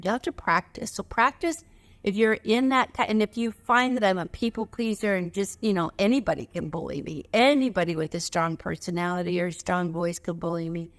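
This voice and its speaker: A woman teaching spiritual practice, speaking calmly and emphatically as she guides slow breathing exercises. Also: fairly low pitch.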